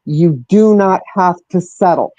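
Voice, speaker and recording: Calling into a casual livestream panel on her phone's speakerphone, a woman with a lowish, mellow voice and lively intonation explains things firmly and unhurriedly. The sound is dry but dull.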